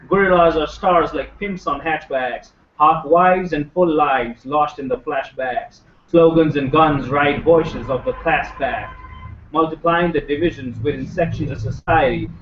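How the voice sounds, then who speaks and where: Male spoken word poet, punchy rhyme, distant roomy dull recording, faint noise. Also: a little high. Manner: hesitant intro with fillers, then punchy rhymed delivery. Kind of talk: spoken word poetry performance.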